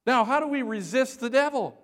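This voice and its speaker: Male pastor mid-sermon: high-pitched, playful, bursts into shouts, with a long echo in the church hall. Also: animated, fairly quick. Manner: shouts for emphasis, jokes with congregation.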